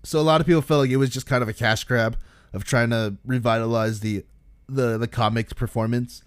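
A man's voice: medium pitch, steady tone, a little fast, clear, resonant tone, no echo. A young man co-hosting a casual podcast chat, enthusiastic and swearing casually. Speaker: podcast co-host.

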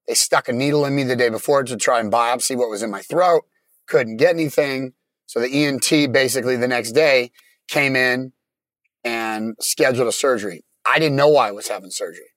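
A man telling his own story in plain, halting casual talk, often restarting his sentences. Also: medium pitch, fairly bright tone, dry recording.

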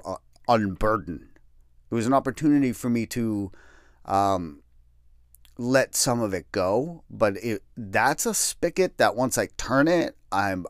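A middle-aged man telling a personal story in a candid, wry and self-deprecating way, swearing casually and finding dark humor in grief. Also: on the low side, no room sound, clean studio sound. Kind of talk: personal storytelling, darkly comic.

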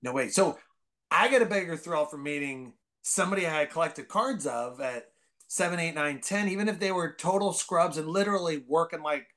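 A man from the Bay Area, a comedian guest, telling rambling stories full of fillers and bursting into loud, excited impressions. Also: a little high, normal speed. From San Francisco Bay Area. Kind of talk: casual podcast storytelling.

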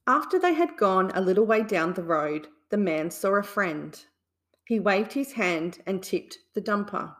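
Slow, soothing bedtime storyteller woman. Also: medium pitch, lively intonation. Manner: slow, soothing reading aloud.

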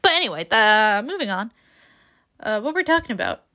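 A woman's voice: mid-range voice, big pitch swings, moderate pace, sharp tone. A woman hosting a podcast, recapping a book in a casual, rambling way with sarcastic asides and frequent laughs. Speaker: podcast host.

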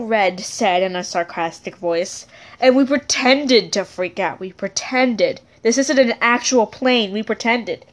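A woman's voice: mid-range voice, unhurried. A woman casually telling a funny personal story, giggling often and correcting herself as she rambles along. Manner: giggly, keeps breaking into laughter; rambling, self-correcting asides.

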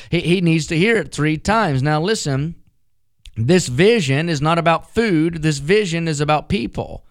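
A man's voice: fairly high pitch, smooth, dry recording, studio quality. A man preaching a radio sermon as pastor, folksy and emphatic, mixing jokes into the message.

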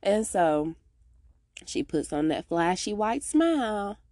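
A woman hosting a podcast, casually recapping a TV episode in a slangy, animated way and acting out the characters' lines. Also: takes it slowly, no room sound, studio quality. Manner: animated, slangy, acts out characters' lines with big pitch jumps.

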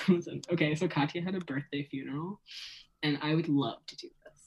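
Lowish-voiced chatty woman podcaster. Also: moderate pace, husky, poor audio. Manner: chatty, jokey, often laughing. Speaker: podcast co-host. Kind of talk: casual chat. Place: lives in France.

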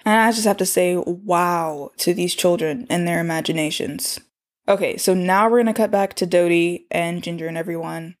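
A woman with a fairly low voice recaps a cartoon episode at a normal pace, chatting casually and adding exasperated asides as she comments on the show.

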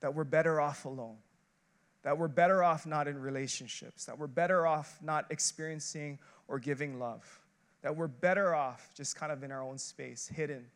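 Pastor guy preaching, pretty high voice, casual and emphatic, keeps saying like. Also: moderate pace, a bit bright. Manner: conversational, emphatic preaching with repeated "like" and rhetorical questions; builds emphasis through repeated short phrases. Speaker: associate pastor. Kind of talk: sermon.

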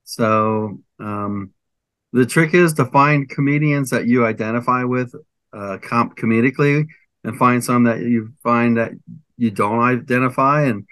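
A man's voice: mid-range voice, a little slow, fairly bright tone, no echo. An older man, a comedian guest, chatting casually in an interview with a rambling, hesitant manner. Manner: rambling, hesitant, lists things with many fillers.

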